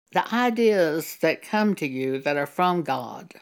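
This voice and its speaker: A woman preacher giving an earnest sermon, teaching slowly and reading scripture aloud. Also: low voice, animated, clear, resonant tone. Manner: slow, deliberate, earnest teaching.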